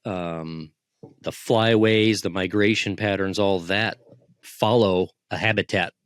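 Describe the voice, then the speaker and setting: A man's voice: deep voice, fairly even intonation, slow pace, fairly bright tone, no room sound, clean studio sound. A man co-hosting a podcast, musing in casual chat and tossing in rhetorical questions. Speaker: podcast co-host.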